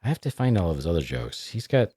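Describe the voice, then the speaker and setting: A man co-hosting a podcast, reading dirty jokes aloud in a deadpan way and laughing at them in casual chat. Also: sits low, breathy edge, dry recording, clean studio sound. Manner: deadpan joke delivery, quick laughs. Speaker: podcast co-host.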